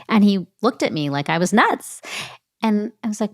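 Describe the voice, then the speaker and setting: A woman's voice: mid-range voice, fairly quick, creaky, dry recording, studio quality. A woman physician, a guest on an interview show, explaining stress habits and telling stories that act out the dialogue. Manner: animated storytelling, acts out quoted dialogue. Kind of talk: conversational interview.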